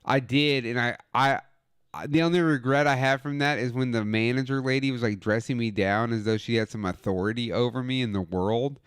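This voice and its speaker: A man's voice: medium pitch, a little fast, smooth, no echo, studio quality. Man telling a profane, rambling story. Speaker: co-host. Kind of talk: casual podcast chat.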